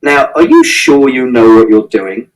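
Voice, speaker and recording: A man voicing a wry, patient middle-aged male policeman in a novel reading, speaking slowly and drily. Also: mid-range voice, animated, pitched below the performer's own voice, natural voice. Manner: dry, slow, mildly exasperated. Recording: distant mic.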